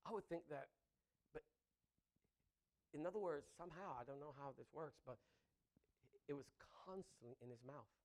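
A man preaching a sermon, animated and laughing between phrases, often asking the congregation "Amen?". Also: on the high side, normal speed, pauses often. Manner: breaks into laughter mid-sentence.

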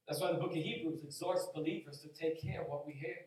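High-voiced pastor in an echoey hall. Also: male voice, fairly even intonation, fast, a little mellow. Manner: conversational, acts out quoted reactions, repeats phrases. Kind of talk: sermon. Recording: echoey hall, distant mic.

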